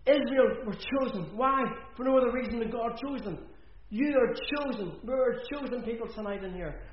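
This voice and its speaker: A man's voice: very high-pitched, moderate pace, a little hiss or hum. A man preaching an earnest sermon in a church, repeating phrases for emphasis. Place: church hall. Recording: echoey, dull church recording.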